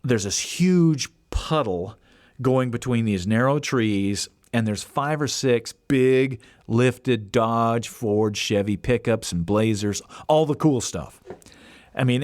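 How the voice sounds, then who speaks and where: A man hosting a podcast, telling a casual story in an animated way and acting out the voices he quotes. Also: mid-range voice, unhurried, no echo, studio quality. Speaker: podcast host.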